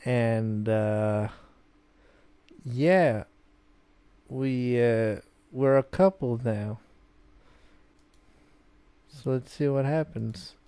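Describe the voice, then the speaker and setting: Pausing often and speaking very slowly, a young Swedish gaming host reads a visual novel aloud as he plays, tipsy from beer and rambling casually with many fillers in his let's play commentary. His mid-range voice is mellow and smooth, and the recording is dry.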